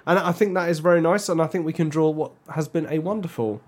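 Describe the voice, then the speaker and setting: Dude hosting a podcast, easygoing, laughs a lot. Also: male voice, fairly high pitch, fast talker. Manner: relaxed, laughs often, spells out handles. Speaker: podcast co-host. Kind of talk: casual chat.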